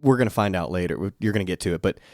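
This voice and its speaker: A man co-hosting a podcast, chatting casually with joking, deadpan asides. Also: low-pitched, racing, dry recording, studio quality. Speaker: podcast co-host. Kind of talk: casual chat.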